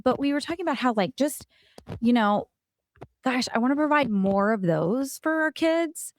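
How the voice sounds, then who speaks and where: In her thirties, this podcast co-host chats casually while telling a family story, animatedly acting out the quotes. Her high-pitched voice keeps a moderate pace, and there's no room sound.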